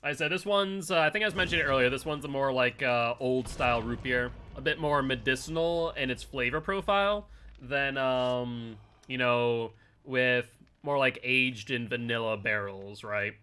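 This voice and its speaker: Bright-voiced chatty male game streamer. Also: medium pitch, normal speed, hardly any pauses, clear, resonant tone. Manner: chatty, reads chat aloud, playful teasing. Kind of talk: live game commentary and chat.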